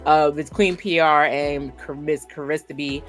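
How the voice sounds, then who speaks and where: A woman hosting a podcast, talking in a casual, animated, rambling way with lots of fillers. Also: sits low, unhurried, faint music behind. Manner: animated, rambling, says "like" often. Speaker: podcast host.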